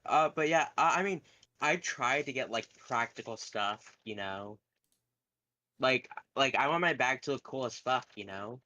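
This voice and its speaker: A young man on a call, bantering in a loose, joking way that trails off into fillers. His voice is bright and tense. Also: medium pitch, unhurried, a little hiss or hum. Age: young adult. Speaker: guest on call. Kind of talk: casual chat.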